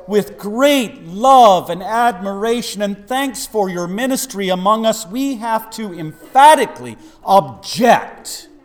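A man's voice: sits high, heavily acted. A man preaching, acting out exasperated church members who scold their pastor in a mock-polite way. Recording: long reverb of a large hall.

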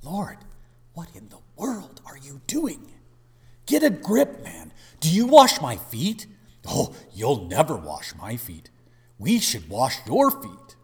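An impetuous grown man bursts out in loud, high-pitched protests, as a preacher acts him out in a sermon. The voice leaps upward and has a husky edge. Long church reverb trails behind each cry. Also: wildly swooping pitch, slow, exaggerated voice. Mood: exasperated. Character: impetuous, protesting adult male disciple. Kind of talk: sermon with acted quotes.

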